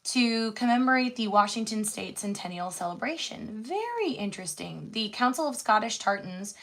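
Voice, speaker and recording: A woman's voice: fairly high pitch, big pitch swings, normal speed, fairly bright tone. A woman chatting casually while she colors on a live stream, musing aloud and laughing easily. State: out of breath. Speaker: host.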